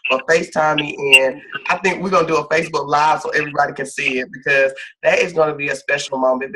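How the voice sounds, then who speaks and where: Brief: higher-pitched male life coach, emphatic and repetitive, heavy background noise with clicks. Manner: emphatic, repeats phrases for stress. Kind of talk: supportive one-on-one talk.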